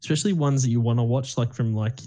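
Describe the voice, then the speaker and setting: On his podcast, a young co-host chats casually, telling rambling stories packed with fillers and free swearing. He speaks fast in a mellow, medium-pitched voice.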